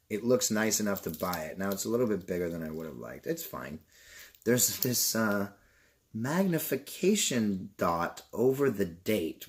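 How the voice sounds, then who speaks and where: Rambling, profane young man. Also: lowish voice. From Canada. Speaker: vlogger. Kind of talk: casual unboxing vlog.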